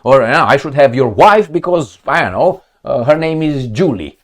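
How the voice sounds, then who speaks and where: Sarcastic, animated male commentator. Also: a little high, brisk, hardly any pauses. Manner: sarcastic, animated, swears, talks to viewers as friends. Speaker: political commentator. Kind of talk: casual commentary reading articles on screen.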